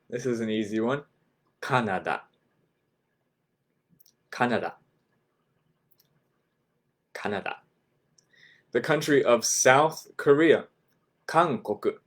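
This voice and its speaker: Slow, patient man teaching. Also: mid-range voice. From United States. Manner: repeats words slowly, checks in with "right?" and "okay?". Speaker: language teacher. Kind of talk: slow, patient vocabulary lesson.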